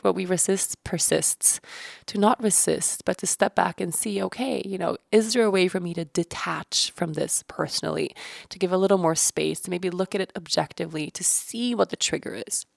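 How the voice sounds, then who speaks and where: A woman's voice: on the low side, vocal fry, dry recording, clean studio sound. A woman in her thirties hosting a podcast, talking candidly about her family, swearing casually and often laughing. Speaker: podcast host. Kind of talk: personal reflective podcast monologue.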